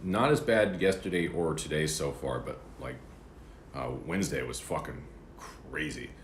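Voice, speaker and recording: A man's voice: extremely low pitch, moderate pace, a little hiss or hum. A man livestreaming from his apartment room, chatting casually and rambling while he eats breakfast. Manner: rambling, chatty, eating between words. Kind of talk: casual chat. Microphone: streaming setup. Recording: roomy apartment echo.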